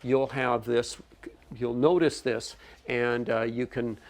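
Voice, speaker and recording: A man's voice: mid-range voice, flat delivery, takes it slowly. A man who trains teachers, giving a workshop lecture in an explanatory way, often checking in with "okay?" and correcting himself as he goes. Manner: frequent restarts and self-corrections.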